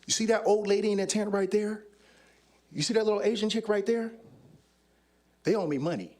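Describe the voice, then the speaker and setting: A man's voice: high voice, brisk, a little mellow, voice pushed up, close to an everyday voice. A man voicing a pushy, slang-talking male gang member who is recruiting him on the street.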